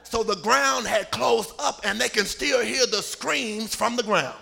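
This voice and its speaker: A man a sermon, shouting and half-singing his lines and calling on the congregation. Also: very high-pitched, measured pace, gravelly. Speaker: preacher.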